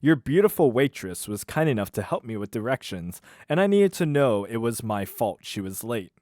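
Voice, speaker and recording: A man voicing a flirtatious middle-aged male politician, speaking low and slowly. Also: very animated, a little mellow, no room sound, studio quality, lightly acted. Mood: formal. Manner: slow, low, drawn-out delivery.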